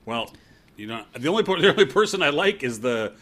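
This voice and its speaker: A man co-hosting a casual sports podcast, talking in an animated, joking, opinionated way. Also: on the high side, a little fast. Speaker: podcast co-host.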